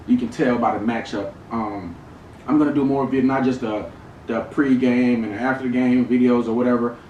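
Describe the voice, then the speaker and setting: A man's voice: mid-range voice, a little mellow, distant mic, a little hiss or hum. A man hosting a casual football reaction video, chatty and laughing easily as he repeats clips and talks through matchups. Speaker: sports video host. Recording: echoey room, off-mic, music behind.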